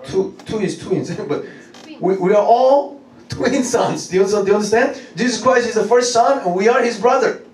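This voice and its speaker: A man in his thirties preaching a lively sermon, animated and laughing, repeating phrases and calling out to the congregation. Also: high-pitched, moderate pace. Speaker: pastor. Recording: echoey room, mic at a distance, faint noise.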